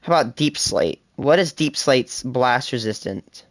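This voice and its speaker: Fast-rambling seventeen-year-old streamer. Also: mid-range voice, animated. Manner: fast, rambling self-talk with laughs. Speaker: gaming livestreamer. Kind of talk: casual live gameplay chatter.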